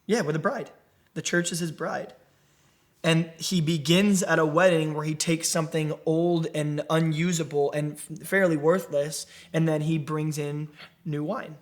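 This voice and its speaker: Male preacher, fairly high voice, lively Bible teaching with questions to the group. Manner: animated, asks the group questions. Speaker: young adult ministry preacher.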